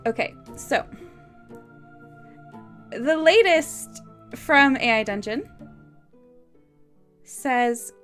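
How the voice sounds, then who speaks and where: Woman streamer, slightly high voice, chatty and giggly, self-deprecating, faint music behind. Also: lively intonation, very slow, pauses often. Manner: chatty, self-deprecating, giggly, reads chat comments aloud. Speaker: streamer co-writing a story with AI. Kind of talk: casual livestream chat and reading aloud.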